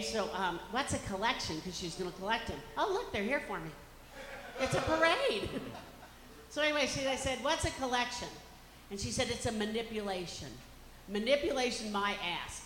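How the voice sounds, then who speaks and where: A woman's voice: a little high, a bit bright, a little hiss or hum. A woman performing a bawdy stand-up comedy set on a club stage. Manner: bawdy, brash punchlines. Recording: echoey club with reverb.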